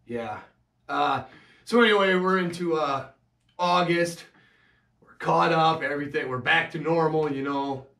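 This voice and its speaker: A man's voice: fairly high pitch, gravelly, a bit bright, echoey room, recorded from a distance. Man telling a hard personal story. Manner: halting, emotional, many restarts and fillers. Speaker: vlogger telling his own story.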